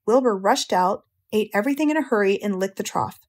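An American woman narrating a children's audiobook in a slow, clear, gentle way. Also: mid-range voice, animated. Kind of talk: storybook narration.

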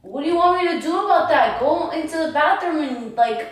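A woman's voice: sits high, animated, a little fast. Fields: Sex: woman. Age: 20s. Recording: echoey, far mic. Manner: sleepy, then cursing and roasting. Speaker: vlogger. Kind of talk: prank vlog argument.

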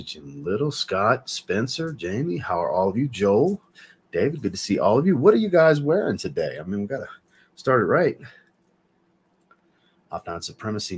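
A man's voice: low voice, slight background noise. A man hosting a casual live stream, chatty and enthusiastic, reading out viewers' comments and answering them. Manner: chatty, enthusiastic, reads out chat names. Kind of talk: casual livestream chat.

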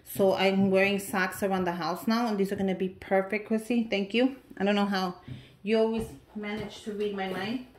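A woman vlogger opening gift mail, chatting casually to viewers and gushing with excitement over each item. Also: mid-range voice, normal speed. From United States. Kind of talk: casual unboxing chat to viewers.

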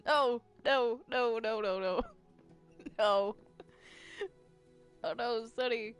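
A woman playing a game roleplay in casual chat, laughing often and protesting with rapid repeated no's. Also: a little high, steady tone, clean tone, faint music behind. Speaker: player narrating a game roleplay.

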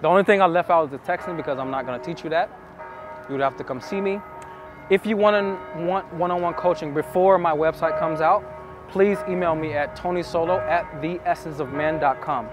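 A man's voice: on the high side, a little fast, over music. A man coaching on dating, telling stories to camera in an earnest, intimate way, repeating phrases for emphasis. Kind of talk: casual storytelling to camera.

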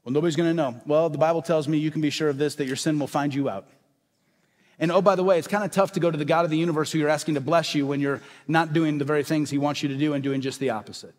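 Pastor preaching hard, fairly high voice, lots of repeats and questions, echoey church sound. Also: male voice, steady tone, fast talker. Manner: emphatic, repetitive rhetorical questions. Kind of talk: sermon. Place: church sanctuary.

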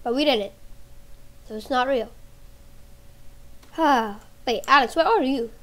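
Very high-pitched woman in improvised home movie. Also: unhurried, fairly bright tone. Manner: rambling, repeats herself.

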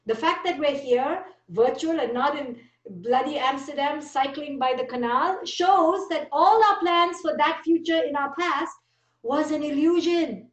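A woman with a rather high voice delivers an emphatic spiritual talk, hammering her points home in short, repeated statements. Her voice rings in an echoey room and sounds a little distant from the mic. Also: measured pace. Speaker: speaker. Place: speaking virtually.

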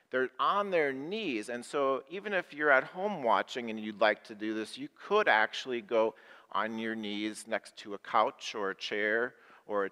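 Pastor leading repeat-after-me prayers. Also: male voice, mid-range voice, a bit bright. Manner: leads call-and-response prayers, repeating phrases; asks questions of people in the room. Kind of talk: sermon to a live and online congregation. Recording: long hall reverb.

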